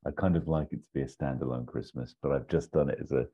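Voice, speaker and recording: A man chatting casually and pitching a story idea, rambling and hesitant with many restarts, on a dull lo-fi recording. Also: fairly even intonation, fast talker, dark tone, husky.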